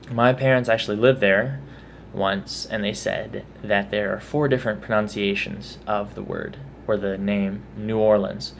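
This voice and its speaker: Slow-talking Texan man reading a word list. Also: lowish voice, creaky, slight background noise. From Texas. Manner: says each word slowly, then comments on it casually. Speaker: vlogger.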